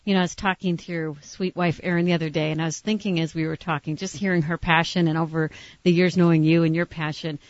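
A woman's voice: low voice, steady tone, quick pace, no echo. A woman hosting a faith talk show, speaking in an affirming way to her guest and laughing easily. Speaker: host. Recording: dry, slightly muffled studio recording.

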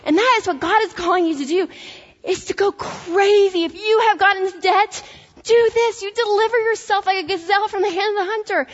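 A woman with a Tennessee accent giving an energetic, faith-based motivational talk to college students, with laughing asides. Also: very high-pitched. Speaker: speaker addressing college students. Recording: echoey hall, dull lo-fi sound.

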